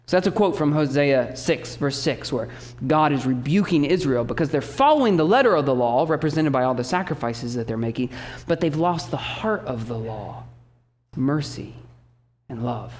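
Male pastor, lively sermon delivery, swinging pitch, emphatic teaching asides. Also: moderate pace.

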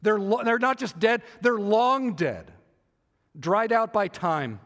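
A man with a high, expressive, somewhat bright voice preaches slowly in a big-sounding room. Throughout his sermon he restates and rephrases his points for emphasis and poses rhetorical questions to the congregation.

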